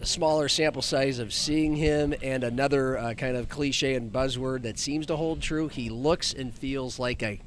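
A man hosting a casual sports podcast, who talks haltingly with many restarts. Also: mid-range voice. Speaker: podcast host.

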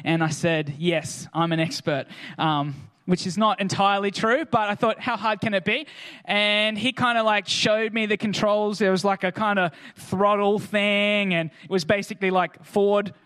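A man's voice: sits high, fairly even intonation, moderate pace, pushed and bright, clear, resonant tone. A man speaking to an audience, telling a personal anecdote in a chatty way, full of "like" and "kinda" and acted-out quotes. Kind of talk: anecdotal storytelling to a crowd.

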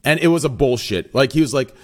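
A man's voice: medium pitch, fast talker. A young man hosting a podcast in casual chat, rambling and swearing with lots of stumbling restarts. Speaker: podcast host.

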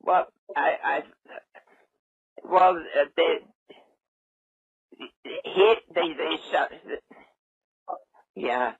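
A man's voice: a little high, extremely slow, long pauses, dry recording, muffled recording, heavily acted. A man voicing a confused, frail old woman on a prank call, rambling and stammering, mishearing and repeating himself. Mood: muddled. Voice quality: quavering, creaky. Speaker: prank caller.

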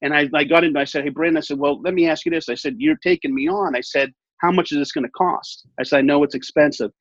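A man's voice: fairly high pitch, fast, dry recording. A man in his thirties casually telling a personal story in an interview, acting out the dialogue with repeated phrases. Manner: animated, acts out quoted dialogue, repeats phrases. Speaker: guest telling his weight-loss story. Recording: muffled lo-fi audio.

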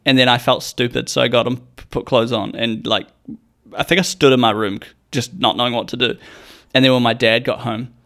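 A man's voice: mid-range voice, fairly quick. A young man telling stories in a casual, rambling monologue, swearing freely and acting out the people he quotes. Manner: rambling and profane, with animated quoted voices.

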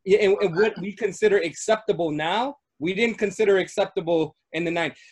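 A man's voice: high voice, brisk, breathy edge. A man in a casual chat, arguing his points emphatically. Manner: emphatic, argues in long points.

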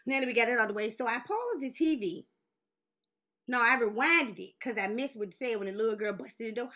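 A woman in her forties telling a long story in casual chat, animated and swearing, laughing as she goes and jumping high when she quotes people. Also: brisk. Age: 40s. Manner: jumps high in pitch when quoting people. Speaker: podcast host.

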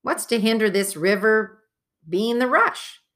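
Casting: blustering male dwarf warrior, read by a woman, raised and loud for her, bright forceful tone. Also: fairly high pitch, measured pace, voice pushed up. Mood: argumentative. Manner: excitable, exclaiming, argumentative. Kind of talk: audiobook character voice.

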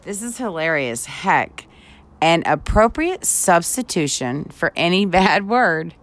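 Low, slow-talking playful woman. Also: very animated. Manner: giggly, playful, reads definitions aloud. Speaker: podcast co-host. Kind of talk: casual chat.

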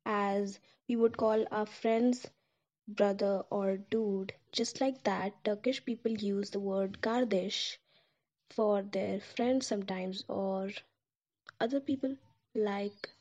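Slow, patient woman teaching words. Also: medium pitch, a little mellow. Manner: repeats each word slowly, syllable by syllable. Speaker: language teacher. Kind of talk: slow, drilled language lesson. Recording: dull lo-fi recording.

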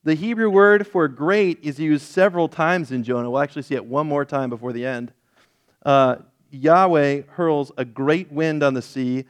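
Male pastor, slightly higher voice, expository sermon delivery. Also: normal speed, clear, resonant tone. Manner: expository Bible teaching, acting out a petulant prophet in quotes.

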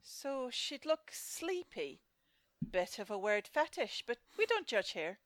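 A woman's voice: a little high, big pitch swings, takes it slowly, no room sound. A woman playing a dry, sarcastic dating agent with an Irish accent in a comedy sketch.

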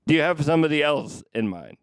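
Male podcast host, slightly high voice, brisk and directing, dry close mic. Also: big pitch swings, clear, resonant tone, no room sound. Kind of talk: casual improv comedy chat.

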